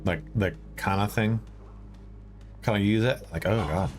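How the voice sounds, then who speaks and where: Man, low pitch, casual gaming stream chatter, exclamations, soft music behind. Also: unhurried. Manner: rambling, swears and exclaims at the game. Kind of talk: casual live-stream chat while gaming.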